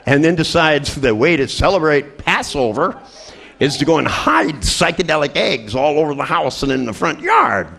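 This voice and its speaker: Pitched on the high side, this middle-aged man sounds expressive, pushed and bright, with vocal fry and a moderate pace. In his humorous seminar talk to a group, the trainer jokes through stories and impersonates the people in them.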